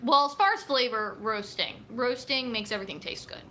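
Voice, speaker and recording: A nutrition coach hosts a casual livestream from a home room set up for filming, recorded on a camera on a tripod. Her voice sits on the high side, with a sharp tone at normal speed, and there's a little hiss or hum. She chats in a rambling way with lots of fillers.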